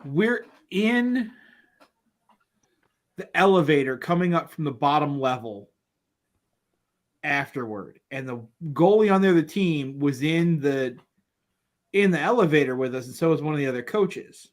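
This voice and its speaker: A man in his thirties co-hosting a casual podcast, telling family stories in an animated way and laughing through them. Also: fairly high pitch, unhurried, long pauses. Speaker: podcast co-host. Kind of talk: casual chat.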